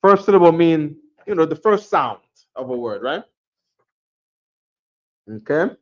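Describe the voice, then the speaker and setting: Casting: male teacher, slightly high voice, repetitive, keeps asking "right?", lo-fi recording. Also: big pitch swings, a little slow. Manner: drops to a mutter when fiddling with the camera. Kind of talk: classroom teaching. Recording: dull lo-fi sound.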